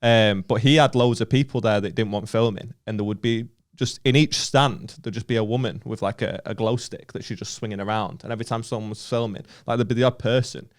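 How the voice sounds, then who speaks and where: Chill young guy on a podcast, a bit sweary, low-ish voice. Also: fairly even intonation, brisk, hardly any pauses. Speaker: podcast co-host, comedian. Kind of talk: casual chat.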